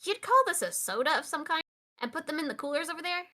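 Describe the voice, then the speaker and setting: A woman doing a hesitant, bright young party organizer. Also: sits high, expressive, fast, voice pushed up. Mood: friendly. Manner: hesitant, filler-heavy.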